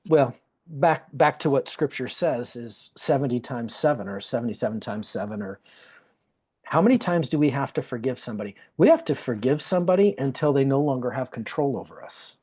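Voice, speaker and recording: An earnest man speaking as a podcast guest, telling a heartfelt personal story at a medium pitch. He leans on repetition for emphasis, and his voice stays emotional and sincere throughout. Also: expressive, fairly quick, darkish tone, husky.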